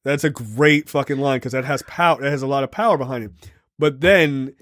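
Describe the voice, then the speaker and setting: A podcast co-host with a medium-pitched voice talks fairly quickly in a clean, echo-free studio recording. He casually recaps a film for a review chat, animated and full of fillers, tossing in playful acted-out quotes.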